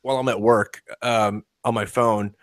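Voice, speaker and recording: A man's voice: lowish voice, steady tone, moderate pace, no echo. Laughing, swearing male podcast host. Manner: profane, laughing, rambling. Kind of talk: casual chat.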